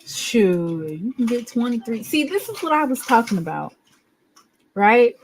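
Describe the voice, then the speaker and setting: A woman hosting a casual live podcast, animated and joking with her viewers. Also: on the high side, unhurried, slight background noise. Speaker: podcast host. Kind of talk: casual livestream chat.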